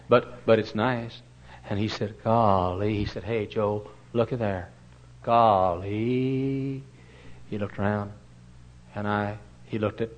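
An older man preaching a sermon, swinging from loud impassioned cries to hushed, tender storytelling. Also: on the low side. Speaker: pastor. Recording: dull lo-fi sermon recording.

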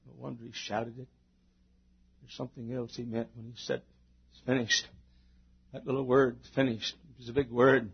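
A man preaching a sermon who swings from hushed murmurs to shouted climaxes and acts out the quoted voices with little laughs. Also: medium pitch, flat delivery, normal speed, pauses often, slightly rough, muffled recording.

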